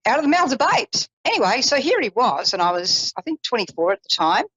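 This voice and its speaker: A woman psychic telling a personal story in an animated, casual way, with self-deprecating asides, acting out the voices she quotes. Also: a little high, a little fast, husky, dry recording, lo-fi sound. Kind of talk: storytelling on a call-in psychic show.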